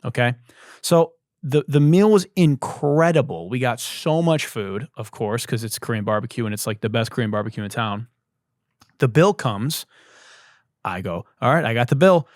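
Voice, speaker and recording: A man's voice: medium pitch, normal speed, a little mellow, no room sound, clean studio sound. A man hosting a podcast, telling stories in a loose, joking, profane style. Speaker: podcast host. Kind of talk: casual comedic monologue.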